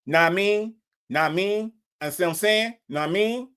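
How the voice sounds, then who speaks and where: A streamer voicing a dim, slangy man who rambles to his lawyer, filling every pause with "you know what I'm saying". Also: medium pitch, a bit bright, clear, resonant tone, natural voice. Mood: boastful rambling.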